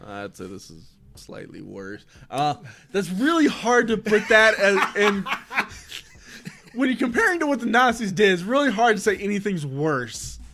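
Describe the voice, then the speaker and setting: A man's voice: sits high, big pitch swings, measured pace, bright, forceful tone. A man co-hosting a casual podcast, making wry, laughing asides. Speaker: podcast co-host. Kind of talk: casual chat.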